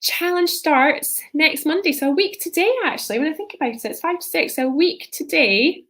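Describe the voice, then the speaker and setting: Chatty woman coach, higher voice. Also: a little fast, a bit bright. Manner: rambling, tags sentences with "right?". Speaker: leadership coach. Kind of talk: live-streamed coaching talk.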